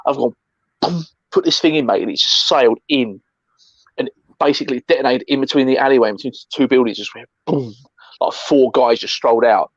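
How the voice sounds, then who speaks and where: A man co-hosting a casual chat, telling stories with animated energy, acting out other people and swearing freely. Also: medium pitch, brisk, dry recording, muffled recording. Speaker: co-host.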